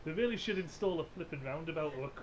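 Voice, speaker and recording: A man's voice: a little high, animated, rapid-fire, highs cut off, over a noisy crowd. A man with a toned-down northern English accent, co-hosting a podcast, swearing freely with wry rambling asides. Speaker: podcast co-host. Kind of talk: casual chat.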